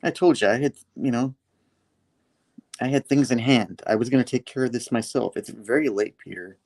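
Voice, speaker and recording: A man's voice: mid-range voice, moderate pace, darkish tone, lightly acted. A man voicing a burdened older male mentor, giving the lines in a plain retelling voice.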